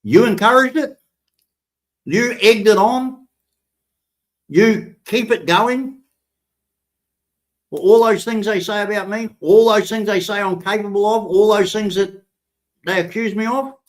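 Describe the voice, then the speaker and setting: A man's voice: high-pitched, unhurried, long pauses. A man hosting a live stream, ranting in a threatening, profane and emphatic way.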